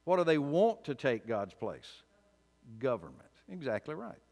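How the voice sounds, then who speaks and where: A man's voice: medium pitch, very animated, measured pace, darkish tone. A man preaching a conversational sermon and Bible study, informal and wry, often restarting his sentences. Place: church sanctuary. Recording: long church reverb.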